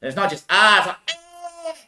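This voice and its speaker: A man's voice: mid-range voice, normal speed, bright, forceful tone, roomy sound, a little hiss or hum. A man rambling through a loose monologue, often laughing and swearing.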